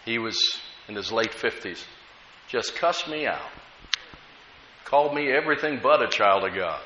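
An American man preaches in an animated, ringing voice that climbs and dips as he drives home each point. His tone is bright and a touch high, and he slips easily into storytelling. The sound is roomy and echoing, with a dull, lo-fi edge. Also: measured pace, slight background noise. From United States. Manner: lively preaching with rising emphasis and storytelling. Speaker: pastor. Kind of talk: sermon. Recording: echoey room, dull lo-fi sound.

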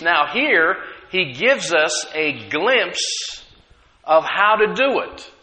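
A man's voice: sits high, big pitch swings, drawn-out words, sharp tone. A man preaching a sermon, emphatic, repeating key phrases and leading the congregation in call-and-response.

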